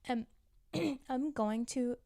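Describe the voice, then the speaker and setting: A woman's voice: high-pitched, very slow, vocal fry, dark tone, no echo, studio quality. A woman recapping TV episodes in a chatty, wry way, full of casual filler and teasing asides. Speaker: TV show recapper.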